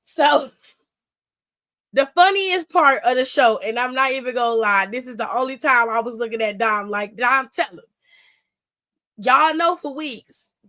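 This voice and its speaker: A woman's voice: on the high side, normal speed. A young adult woman hosting a casual wrestling recap, telling it in slang, acting out what people said and laughing often. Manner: animated storytelling, slangy, acts out quotes, laughs often.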